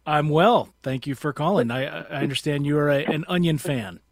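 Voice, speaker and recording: A man hosting a public radio call-in show, relaxed and friendly as he banters and takes calls. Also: fairly high pitch, normal speed, dry recording, clean studio sound.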